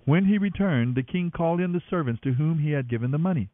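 A man reading scripture aloud in an expressive, dramatic way, giving each speaker a voice. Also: fairly high pitch, fast talker, no room sound. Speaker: Bible reader. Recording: dry, tinny phone-like sound.

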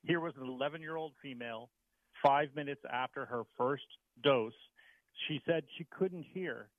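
A man's voice: mid-range voice, moderate pace, phone-quality sound. A man appearing as a guest author on a talk radio show, earnestly laying out data. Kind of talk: phone-in interview.

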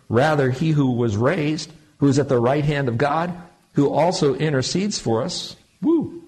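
Husky-voiced man preaching a lively sermon. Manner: animated preaching with sudden high exclamations. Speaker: pastor. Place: church sanctuary.

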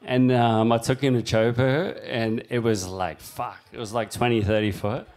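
A man telling a big-wave surf story in casual, swearing talk. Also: normal speed. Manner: animated, swearing, shouting out high during the story.

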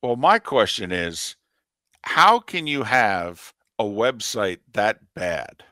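A man's voice: fairly low pitch, big pitch swings, slow pace, sharp tone, no echo, clean studio sound. A man co-hosting a sports radio show, giving emphatic opinions in casual sports talk.

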